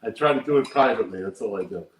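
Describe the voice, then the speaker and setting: A man's voice: fairly low pitch, racing. An older man, a poker player, talking casually and emphatically in an interview, repeating his points. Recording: roomy echo.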